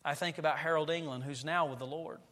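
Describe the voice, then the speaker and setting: A man in his forties preaching a Sunday sermon, his voice pitched a little high and ringing with forceful brightness. He tells stories with animation, acting out scenes as he goes. The sound carries a long reverb from a church sanctuary. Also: steady tone, fast. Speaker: pastor.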